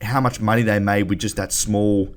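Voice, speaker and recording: Low-voiced man chatting. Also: fairly even intonation, normal speed. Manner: conversational, listing examples. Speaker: podcast co-host. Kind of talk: casual podcast chat.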